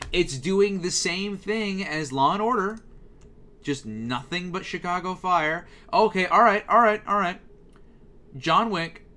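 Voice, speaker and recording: Here a young man on YouTube vents about a TV channel's programming, his casual commentary riddled with fillers and do-overs. The voice is high, bright and forceful.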